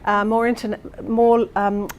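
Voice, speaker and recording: A woman's voice: a little high, little pitch movement, unhurried. Teacher trainer, woman, chatty explainer, stops and restarts a lot, faint background hiss. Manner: explanatory, many fillers and restarts, checks in with the audience. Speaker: teacher trainer presenting a workshop. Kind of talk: workshop demonstration for teachers.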